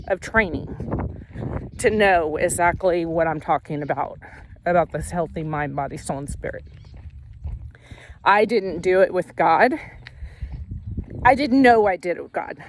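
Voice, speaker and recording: With a lowish voice and a little background noise, a faith vlogger walks while giving an earnest, casual pep talk on faith and fitness. She tends to repeat herself and self-correct as she talks.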